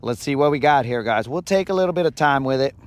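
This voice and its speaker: A man's voice: medium pitch, animated, fast talker. A man hosting a live fishing vlog outdoors on a lake, with playful, hyped banter full of Spanish slang. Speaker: angler, channel host.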